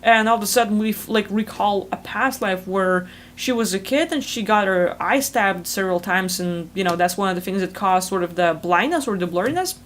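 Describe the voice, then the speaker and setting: A woman hosting a spiritual channel, talking fast and rambling in a casual explanatory monologue full of fillers, recorded over a video call. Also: mid-range voice, a bit bright, a little hiss or hum.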